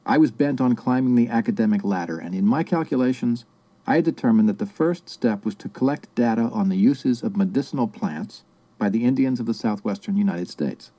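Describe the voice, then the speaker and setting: A man giving a measured, reflective first-person audiobook narration. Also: medium pitch, lively intonation, mellow.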